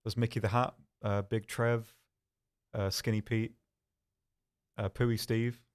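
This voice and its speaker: A young man hosting a live stream, answering chat questions in a calm, soft-spoken, dry and self-deprecating way. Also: fairly low pitch, takes it slowly, clear, resonant tone.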